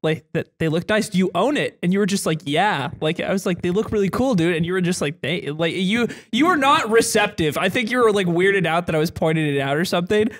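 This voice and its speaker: High-pitched male host, giggly and self-deprecating, casual chat. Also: expressive, quick pace, few pauses, fairly bright tone. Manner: laughs often, self-deprecating, stumbles over words. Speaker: podcast co-host.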